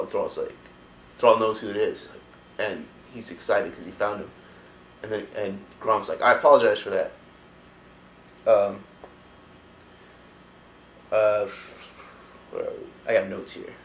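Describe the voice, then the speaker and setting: A man with a low voice retells a story casually, loose and rambling, with plenty of fillers. He records on a camera mic in a room with noticeable echo and faint background noise. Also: steady tone, unhurried, pauses often. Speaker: lore storyteller.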